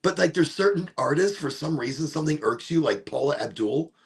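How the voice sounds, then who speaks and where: A man's voice: fairly high pitch, expressive, brisk, breathy edge. A man hosting a live stream, rambling and swearing in a laid-back chat. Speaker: livestream host.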